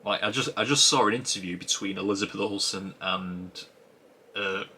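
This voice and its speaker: A man's voice: fairly low pitch, normal speed, pushed and bright, a little hiss or hum. A man giving a casual spoken review of a TV episode, musing aloud and rambling with frequent restarts.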